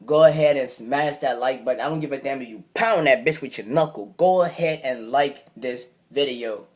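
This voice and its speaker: A man's voice: mid-range voice, normal speed. A man vlogger telling a personal story in loose, slangy casual talk, keeping the tone conversational. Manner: slangy, loose, keeps saying "you feel me". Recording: noisy recording.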